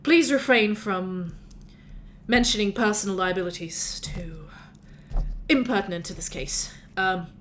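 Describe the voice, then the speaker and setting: A man's voice: sits high, unhurried, fairly bright tone, slight background noise. A man voicing a stern, professional male lawyer who speaks in clipped, formal sentences.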